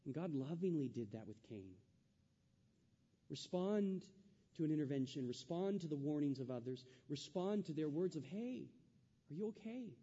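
A man with a very dark, mellow yet high-pitched voice delivers a sermon, pressing his points with rhetorical questions and repeated phrases. His slightly husky tone carries a long reverb, as if heard across a large church hall. The recording itself is dull and lo-fi. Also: animated, normal speed. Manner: emphatic preaching with rhetorical questions and repetition. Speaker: pastor.

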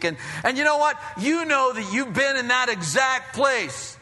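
Bright-voiced male pastor preaching in a hall. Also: extremely high pitch, unhurried, few pauses. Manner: animated and conversational, with frequent restarts. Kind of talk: sermon.

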